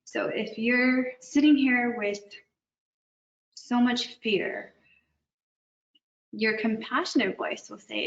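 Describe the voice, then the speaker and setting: Woman counselor, fairly high voice, gentle and measured; distant, dull webinar audio. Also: roomy sound. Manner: gentle, measured, with filler ums. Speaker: guest counselor. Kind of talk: webinar talk. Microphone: video call.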